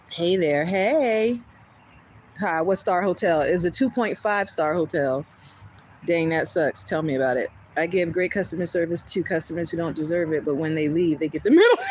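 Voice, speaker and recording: Animated, outspoken woman on a livestream. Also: medium pitch, slight background noise, rough recording. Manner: candid and outspoken, swears freely; animated storyteller, acts out others' lines. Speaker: vlogger. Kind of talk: casual chat to a livestream audience.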